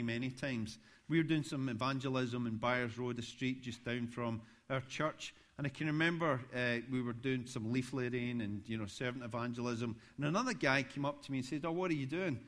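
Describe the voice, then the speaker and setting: A man, a pastor preaching a sermon, telling stories with rising animation. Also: mid-range voice. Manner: storytelling, animated when recounting events.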